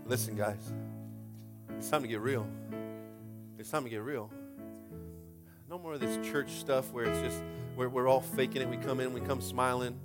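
A male pastor preaching a lively sermon, swinging between quiet asides and loud shouted exhortations, repeating lines and asking the congregation if they are with him. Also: mid-range voice, moderate pace, pauses often, loud music behind the voice. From United States.

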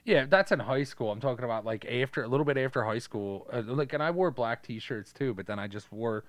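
A man's voice: mid-range voice, fairly quick, no room sound. A young man co-hosting a podcast, chatting loosely and profanely about a movie and quoting lines in put-on voices. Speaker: podcast co-host. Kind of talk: casual chat reacting to a movie.

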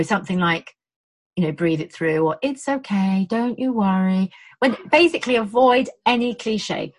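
Heard in a dry, low-quality recording, a medium-pitched woman with a British accent talks casually about her birth support work. She tells lively stories, performing the quotes as she goes.

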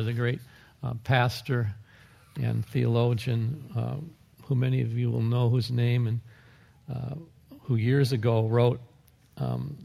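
A man's voice: mid-range voice, gravelly, darkish tone, long reverb tail. A man pastor preaching a sermon, talking in a conversational way with asides and small chuckles.

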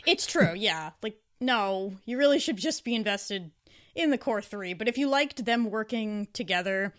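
A woman's voice: mid-range voice, lively intonation, normal speed, a bit bright. A woman co-hosting a casual podcast, speaking with a mid-range voice. She talks enthusiastically and breaks into little voices for the characters she quotes. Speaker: podcast co-host. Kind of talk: casual podcast review chat.

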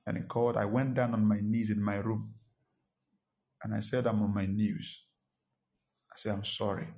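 A pastor preaching a sermon, telling a personal story and driving points home by repeating short phrases. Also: male voice, fairly low pitch, flat delivery, moderate pace, warm tone.

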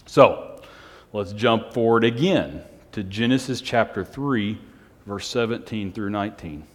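Low-voiced man preaching in a reverberant hall. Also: unhurried. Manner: self-described monotone, joking asides with the congregation. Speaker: pastor. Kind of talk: sermon. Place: church hall on a Sunday night.

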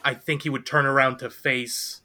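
A man's voice: medium pitch, little pitch movement, normal speed, bright, forceful tone. A man playing a tabletop game, hesitant and full of "um"s as he makes his choices. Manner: hesitant, many "um"s. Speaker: player. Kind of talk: casual tabletop play.

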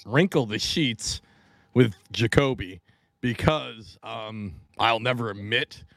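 A man's voice: medium pitch, slow, gravelly, a bit bright, no echo. Blunt, swearing podcast co-host man. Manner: blunt, profane, joking. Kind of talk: casual podcast chat.

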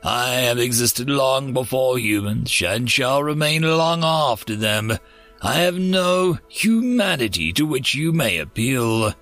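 A man voicing an ancient hooded male Death figure, speaking in a formal, clipped, unhurried way. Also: medium pitch, expressive, a bit bright, faint music behind. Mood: stern.

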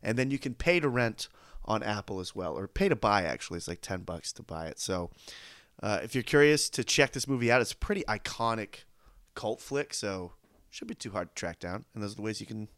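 A man's voice: lowish voice, animated, fairly quick, a bit bright, no echo, studio quality. A man co-hosting a movie podcast, telling a story in a chatty, casual way. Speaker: podcast co-host.

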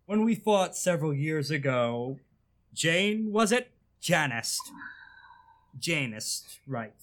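A man's voice: fairly high pitch, big pitch swings, slow, a bit bright, exaggerated voice. A man voicing a proud woman fighter who boasts that an old trick will not work on her again. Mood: boastful.

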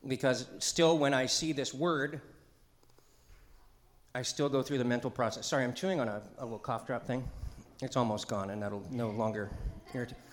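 A man's voice: mid-range voice, steady tone, moderate pace, reverberant. A middle-aged man, a pastor, giving a conversational sermon in a church, chatty and joking, with asides and call-and-response to the congregation. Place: church sanctuary.

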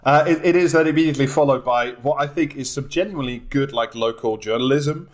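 A man's voice: mid-range voice, quick pace. Guy rambling and swearing through casual banter, laughs a lot. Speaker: podcast co-host.

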